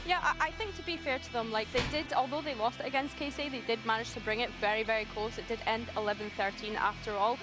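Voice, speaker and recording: A woman's voice: a little high, steady tone, fast talker, few pauses, music in the background. A woman esports analyst giving thoughtful, detailed commentary in long explanations.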